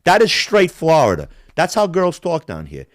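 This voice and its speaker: A man tears through a casual podcast rant, heated and profane, breaking into mimicked accents along the way. His pitch swoops up and down with lively energy. The sound is dry and close, with no room around it. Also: moderate pace, no echo. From Balkans. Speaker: podcast host.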